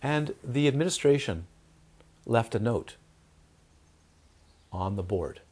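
A man's voice: medium pitch, lively intonation, takes it slowly, darkish tone, breathy edge. A man, a meditation teacher, giving a dharma talk, telling stories with repeated phrases and acted-out quotes. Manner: storytelling with repetitions and acted-out quotes.

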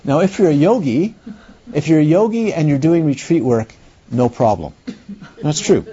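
A man giving a dharma talk as a meditation teacher, unhurried and playful, often turning questions back to the listeners. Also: a little high, animated, mellow, highs cut off.

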